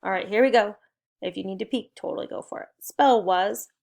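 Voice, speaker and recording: This young adult teacher's voice is medium-pitched, brisk, gravelly and a bit dark. She runs a recorded phonics and spelling lesson for young children, cheering them on with call-and-response prompts.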